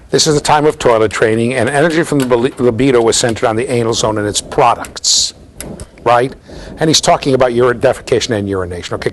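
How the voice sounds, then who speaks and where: A man giving a classroom lecture at a university, chatty and animated, asking the class questions and acting out little voices. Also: mid-range voice, a little hiss or hum.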